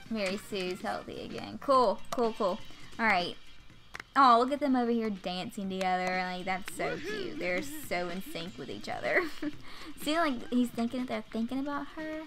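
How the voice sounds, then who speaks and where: Woman, 20s, gaming commentator; casual, giggly, sharp and bright tone, slightly high. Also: a little hiss or hum. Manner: chatty and giggly, frequent "like" and mild swearing. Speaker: gaming YouTuber. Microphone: USB desktop microphone.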